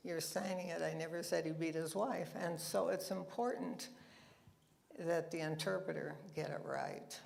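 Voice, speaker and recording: A woman's voice: lowish voice, gravelly, darkish tone. A woman giving a chatty, anecdotal talk to a church congregation, with asides and laughter, in a meeting room with a live audience. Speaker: guest speaker at a church service.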